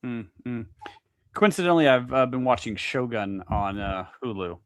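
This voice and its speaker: Man, podcast co-host, casual chat, expressive reactions, very lively pitch, dry close sound. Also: normal speed, clean tone, dry recording.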